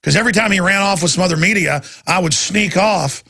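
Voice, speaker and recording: A man hosting talk radio with a deeply gravelly, raspy voice. He speaks forcefully and intensely, pressing each point into a studio microphone with a husky edge. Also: quick pace. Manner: intense, ranting, emphatic. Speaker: radio talk show host. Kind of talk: impassioned talk radio monologue.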